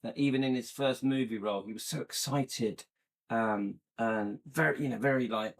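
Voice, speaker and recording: Male host, mid-range pitch, admiring and upbeat, loose conversational delivery. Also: moderate pace, creaky. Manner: enthusiastic, admiring, frequent fillers. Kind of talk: casual interview chat.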